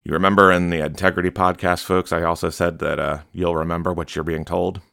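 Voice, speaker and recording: A man's voice: deep voice, level tone, a little fast, vocal fry, sharp tone, no echo, clean studio sound. A man reading a prophecy aloud and commenting on it in an earnest, exhorting way.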